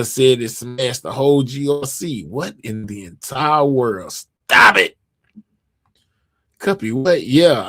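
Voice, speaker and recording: A man's voice: mid-range voice, dry recording, clean studio sound. A man hosting a live stream, chatting casually and reading out viewer comments, rambling with many fillers and restarts. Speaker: livestream host.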